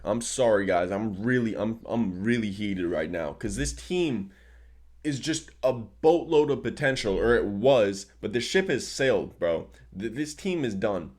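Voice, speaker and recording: A man's voice: on the low side, animated, a little slow, a little mellow. A man ranting casually about his team, exasperated and swearing, dropping "bro" often. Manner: exasperated, profane, says "bro" a lot. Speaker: sports vlogger. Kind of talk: casual sports rant.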